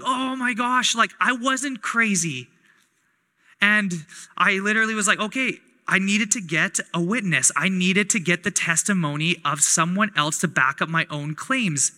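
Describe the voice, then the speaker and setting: A young man from Canada preaches in a bright, ringing voice pitched a touch high. His tone is chatty and story-driven, and he slips into the voices of the people he quotes. His words carry a long reverb, as if the room is a big hall. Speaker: pastor. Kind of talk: sermon with personal story.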